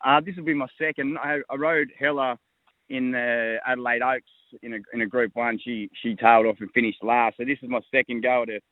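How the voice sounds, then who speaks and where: Australian jockey on a tinny phone line. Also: male voice, mid-range voice, fairly even intonation, brisk, no echo. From Tasmania, Australia. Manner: hesitant, repeats words while thinking. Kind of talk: phone interview.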